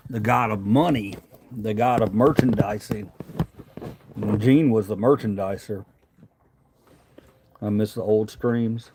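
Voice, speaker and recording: A man's voice: on the low side, takes it slowly, long pauses, noisy background. Southern-accented man rambling on a livestream. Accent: Southern US, Tennessee. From Memphis, Tennessee. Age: adult, married. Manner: rambling, profane, reads viewer chat aloud. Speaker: livestream host. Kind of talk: casual livestream chat.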